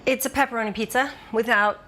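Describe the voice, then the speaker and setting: A woman's voice: on the high side, fairly even intonation, fast, fairly bright tone, a little hiss or hum. A woman co-hosting a casual on-camera chat, playful and enthusiastic, often laughing. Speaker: co-host.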